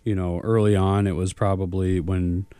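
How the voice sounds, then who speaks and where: Mellow, joking man co-hosting radio. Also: low voice, normal speed, clean tone, no room sound. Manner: animated, joking storyteller. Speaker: radio co-host. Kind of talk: casual radio chat.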